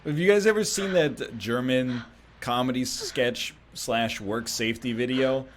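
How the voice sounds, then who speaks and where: A man's voice: mid-range voice, a little slow, a little hiss or hum. A young man giving jokey let's play commentary on a game, often laughing. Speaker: game streamer.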